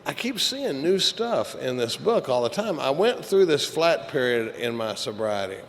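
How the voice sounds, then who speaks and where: A man's voice: medium pitch, big pitch swings, normal speed. Profane, joking man in a hall. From Texas. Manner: candid, joking, profane, rambling with many fillers. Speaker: AA speaker. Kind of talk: recovery meeting talk. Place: meeting hall. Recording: echoey hall recording with faint hiss.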